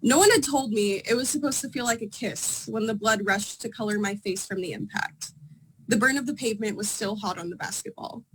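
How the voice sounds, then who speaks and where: A woman from Southern California reads her own prose aloud. Her voice sits a little high, friendly and upbeat, with a light hiss under it. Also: fairly quick, rough recording. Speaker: editor and writer reading her prose. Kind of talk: prose reading.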